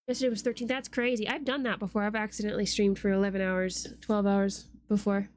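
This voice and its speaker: A woman's voice: medium pitch, flat delivery, quick pace, hardly any pauses, dry recording. A woman streamer chatting playfully with her viewers while she draws, swearing casually.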